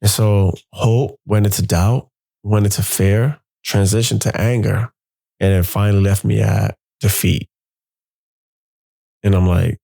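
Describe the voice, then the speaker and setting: A man hosting a podcast, telling a personal story in an animated, profane way and acting out what people said. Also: on the low side, measured pace, creaky. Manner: animated, profane, acts out quotes. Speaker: podcast host.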